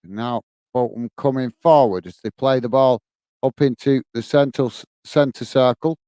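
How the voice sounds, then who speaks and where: A Northern Irish man hosting a live football watch-along, moving between play-by-play and easy chat with his viewers. His voice is smooth and resonant and sits at a middle pitch. The recording is dry and close, with no room sound. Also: moderate pace, warm tone, dry recording. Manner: friendly and chatty, often says "mate" while reading viewer comments.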